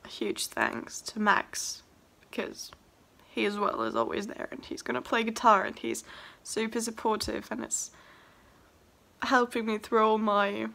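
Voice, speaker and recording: A woman's voice: on the high side, a little slow, creaky, bright, forceful tone. A young woman vlogging about her first song, tearful and laughing, overwhelmed with emotion. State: crying. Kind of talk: emotional personal vlog.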